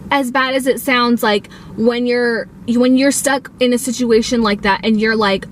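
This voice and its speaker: A young adult woman vlogger tells a casual storytime on her channel, talking a little fast in a voice on the high side. She's chatty and uses plenty of fillers while acting out what people said, with a slight hiss or hum in the recording.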